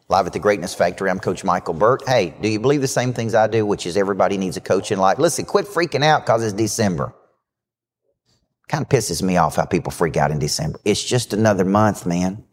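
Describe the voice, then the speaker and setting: A man hosting a live business show as a coach, giving a brash, fast-talking motivational pitch. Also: lively intonation. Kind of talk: live podcast talk. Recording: hall reverb.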